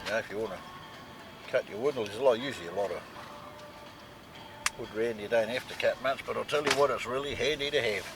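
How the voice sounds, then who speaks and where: A man's voice: medium pitch, a little fast, long pauses, noisy background. A man with a New Zealand accent chatting casually outdoors at a campsite for a vlog, dropping "mate" and "eh" as he shows off his gear. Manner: chatty, peppers talk with "mate" and "eh". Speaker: vlog co-host.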